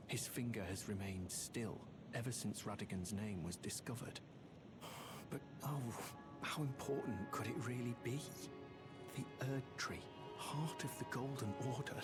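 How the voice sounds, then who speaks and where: A man's voice: medium pitch, unhurried, lightly acted. An actor playing a devoted young male cleric who frets over his silent master, speaking in earnest, formal game dialogue. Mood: anxious. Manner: earnest, fretful, formal speech. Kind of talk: video game character dialogue. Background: loud game music.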